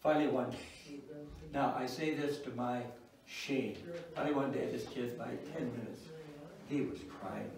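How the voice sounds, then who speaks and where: Through crowd noise, the same older man's creaky, medium-pitched voice comes at a normal speed as he leads a church parenting class. He's folksy and wry, laughing at his own anecdotes in this informal talk. Echo fills the room and the mic is distant.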